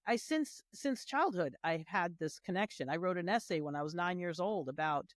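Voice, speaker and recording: A woman in a casual panel conversation who tells stories in an animated way and acts out the voices of the people she quotes. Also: fairly low pitch, normal speed, no room sound, clean studio sound. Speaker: guest, heritage tour organizer.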